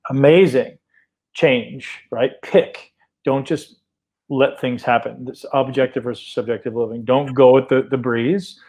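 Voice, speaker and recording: An upbeat man hosts a podcast in relaxed conversation. His voice sits at an ordinary middle pitch, and he keeps checking in with his co-host as he talks. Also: measured pace, low-quality recording. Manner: enthusiastic, repeats "right?" often.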